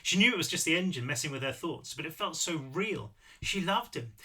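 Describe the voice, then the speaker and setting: A man reading his own novel aloud, with lively delivery and casual asides. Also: on the high side, a little fast, husky. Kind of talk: audiobook read-through with asides.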